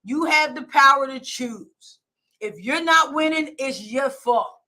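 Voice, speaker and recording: Bright, high-voiced woman coaching hard. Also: unhurried. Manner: emphatic, repetitive, blunt and demanding. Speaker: life coach and show host. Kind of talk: motivational pep talk. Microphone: phone or camera, streaming live.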